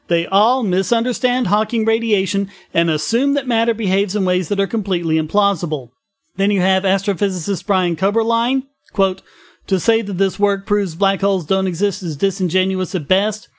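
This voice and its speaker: Brief: high-pitched male podcast host, chatty explainer who laughs easily. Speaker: podcast co-host presenting a science story. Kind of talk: casual science podcast chat.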